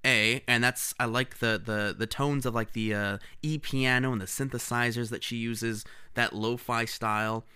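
A man's voice: medium pitch, steady tone, moderate pace, hardly any pauses, pushed and bright, smooth. A man co-hosting a podcast in casual chat, rambling with many restarts and laughing easily. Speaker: podcast co-host.

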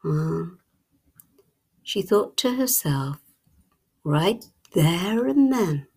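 Very slow, husky whispering woman storyteller. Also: lowish voice, lively intonation. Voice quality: whispery and hushed, with lingering pauses.

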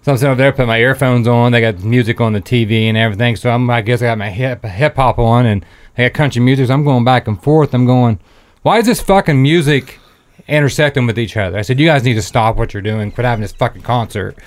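A man's voice: medium pitch, steady tone, fast talker. A young man telling a long, profane story to friends, acting out the quotes as he goes. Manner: rambling, profane, acts out quotes. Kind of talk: casual story among friends.

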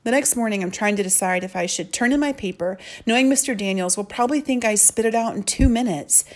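A woman narrating a children's story in the first person, in a soft, earnest way. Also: medium pitch, fast. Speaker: audiobook narrator.

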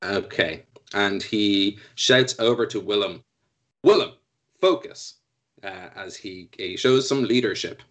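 A man's voice: fairly low pitch, measured pace, a bit bright. A man narrating as game master of a tabletop game, rambling and self-deprecating, with lots of fillers.

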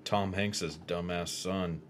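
A man's voice: low-pitched, steady tone, takes it slowly, over a noisy crowd. A man in casual podcast chat who talks in a laid-back way, swearing and joking. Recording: clear background noise.

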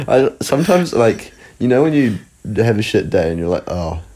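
A man's voice: fairly low pitch, sing-song, a little slow, mellow. A young man co-hosting a podcast, telling stories in a laid-back casual chat and swearing freely. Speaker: podcast co-host.

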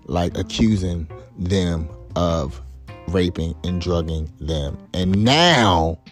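Deep-voiced, rambling, profane man. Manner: rambling, profane, laughs often; stumbles over words. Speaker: podcast host. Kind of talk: casual solo commentary.

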